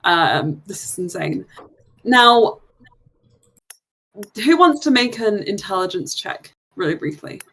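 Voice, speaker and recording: A woman's voice: medium pitch, big pitch swings, slow pace, creaky, pauses often, a bit bright, slightly rough. A woman acting as game master of a tabletop game, narrating scenes with joking asides and frequent laughter. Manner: laughs often, jokey asides.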